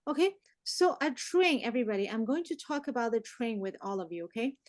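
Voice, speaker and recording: Brief: woman teacher with a high voice, dry close sound, upbeat and quizzing her class. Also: brisk, no echo. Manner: lively, mixes English and Chinese, asks the class questions. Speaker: math teacher. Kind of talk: online math lesson.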